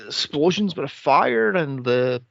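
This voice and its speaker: A man's voice: fairly high pitch, expressive, measured pace, vocal fry, fairly bright tone, dry recording. A man co-hosting a podcast, recapping a film in exasperated casual chat with frequent swearing and laughter. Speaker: podcast co-host. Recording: dull lo-fi podcast mic.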